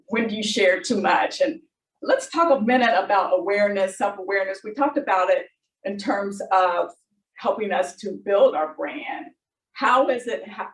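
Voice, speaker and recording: A woman's voice: medium pitch, reverberant, far from the mic, rough recording. A woman moderating a webinar panel, posing questions with many hesitations and fillers.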